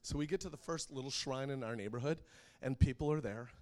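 A middle-aged man preaching a sermon, telling a personal story in an animated way and laughing often. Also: medium pitch, brisk.

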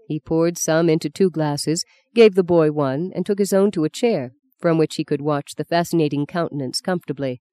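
A literary novel is read by an audiobook narrator whose storytelling is measured and even. The voice is smooth and medium-pitched, and the recording is dry.

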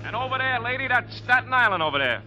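A gruff, proud cab owner-driver, brusque and streetwise. His voice is high and very bright, edged with scorn, in old-time radio drama style. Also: very animated, fast, soft background music, full character voice, rough recording. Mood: sly. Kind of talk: 1940s radio acting.

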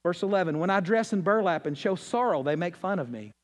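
Animated high-voiced male preacher. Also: fairly quick. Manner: animated preaching, swings from loud highs to low hushed lines; folksy and conversational, acts out quoted voices. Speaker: pastor. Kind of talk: sermon.

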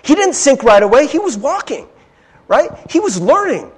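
A man's voice: very high-pitched, very animated, moderate pace. A man preaching a sermon as a pastor, talking in an easy conversational way, often checking in with his listeners and calling them friends. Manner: conversational, often asks "right?" and addresses "friends".

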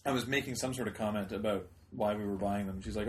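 A man co-hosting a casual podcast chat, talking quickly and steering the conversation. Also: on the low side, steady tone, a little hiss or hum. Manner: quick, chatty, leads the conversation. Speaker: podcast co-host.

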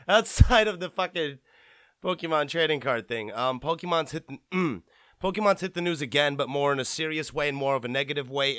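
Profane ranting man, bright voice. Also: medium pitch, brisk, dry recording, clean studio sound. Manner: profane, rambling, mocking. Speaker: podcast host. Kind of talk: casual podcast rant.

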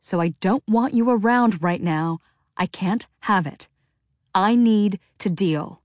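A woman's voice: medium pitch, takes it slowly, a little mellow, dry recording, clean studio sound, lightly acted. A woman voicing a stressed, harsh middle-aged mother who speaks in a tense, clipped way, in an audiobook. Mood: choked.

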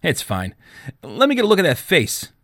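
A smug, folksy middle-aged police chief, put on by a male narrator. He talks down to people, with lively pitch. It is recorded dry and close. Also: normal speed, dry recording, full character voice. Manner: folksy, condescending.

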